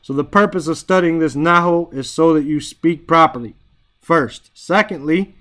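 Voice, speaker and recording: In an online class, a man teaches Arabic grammar, giving casual explanations in English and reciting Arabic phrases. His voice is on the high side and a bit bright, at a moderate pace, and he frequently checks in with "right?".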